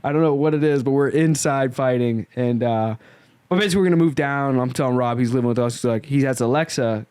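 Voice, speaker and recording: A man in his twenties hosting a podcast, telling stories in a lively, casual way and laughing often. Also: medium pitch, fast, clean tone, dry recording. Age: 20s. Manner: animated storytelling, laughs often. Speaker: podcast host.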